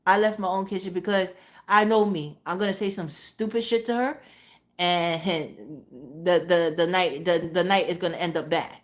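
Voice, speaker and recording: A woman's voice: on the low side, moderate pace. Profane woman venting a storytime rant. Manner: profane, emphatic, repeats phrases for emphasis. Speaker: live streamer. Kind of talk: casual ranting storytime.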